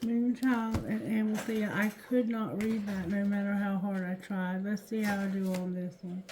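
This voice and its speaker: A woman doing a tarot reading, reading card text aloud slowly and haltingly, correcting herself as she goes. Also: medium pitch, steady tone, noisy background. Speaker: tarot reader. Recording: roomy echo.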